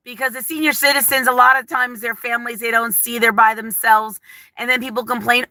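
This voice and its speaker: Chatty woman streamer, nervous and emotional, rambles between viewer comments; bright edge to the voice. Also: fairly high pitch, steady tone, fairly quick, dry recording. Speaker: livestream vlogger. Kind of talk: casual live-chat talk.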